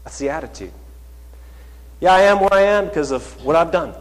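A man preaching a sermon as pastor, conversational, asking his congregation rhetorical questions and moving between louder and softer passages. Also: a little high, expressive, brisk. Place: church sanctuary. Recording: long reverb of a large hall.

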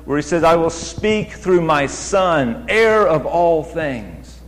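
A man preaching in a church sanctuary, speaking slowly and deliberately with a slightly raised voice. He lingers over scripture quotes and climbs higher as he presses a point. The sound carries a long hall reverb. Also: animated. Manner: measured, slows down for scripture quotes, builds in pitch when emphatic. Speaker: guest preacher. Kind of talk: sermon.

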